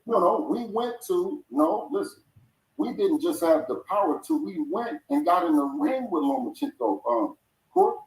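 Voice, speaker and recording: A man's voice: high-pitched, sing-song, moderate pace, gravelly, slight background noise. A middle-aged man, a boxer's father, insistently arguing his point on a video call, repeating himself and swearing. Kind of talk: heated call with a fighter. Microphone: video call audio. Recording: roomy video call audio.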